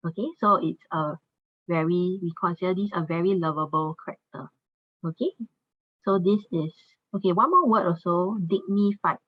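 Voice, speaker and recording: A woman's voice: fairly low pitch, expressive, moderate pace, no echo. A woman teaching an online English class, patient and encouraging, often saying "okay" between phrases, heard over a video call. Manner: patient, says "okay" a lot. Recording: dull lo-fi video call audio.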